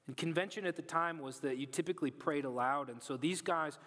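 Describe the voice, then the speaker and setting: A man preaching a sermon as a pastor, telling the story in a casual, animated way and dropping to hushed tones. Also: on the high side. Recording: long hall reverb.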